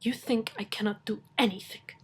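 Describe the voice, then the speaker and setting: Woman reader doing a proud, prickly heroine, stiff broken English, slightly high voice. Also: normal speed, a bit bright, lightly acted. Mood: indignant. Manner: indignant, drops articles. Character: proud, fiery woman speaking stiff, article-dropping English. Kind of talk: audiobook reading.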